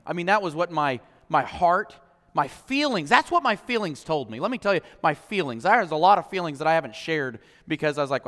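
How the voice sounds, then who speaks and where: A man preaching a sermon as pastor, impassioned, swinging from loud declarations to hushed, personal moments. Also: on the high side, expressive, moderate pace. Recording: long hall reverb.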